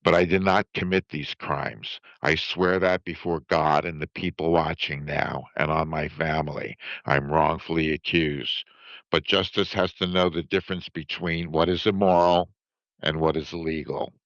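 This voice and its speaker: An older man giving a halting, emotional statement as an interview guest, often repeating "you know what I mean.". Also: very deep voice, steady tone, a bit bright, no echo. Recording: dull, dry lo-fi sound.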